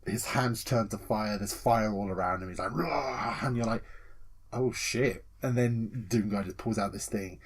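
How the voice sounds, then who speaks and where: A man co-hosting a casual gaming podcast, excitable and swearing freely, acting out scenes with yelps and laughter. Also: on the low side, moderate pace, hardly any pauses, slightly rough. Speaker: podcast co-host.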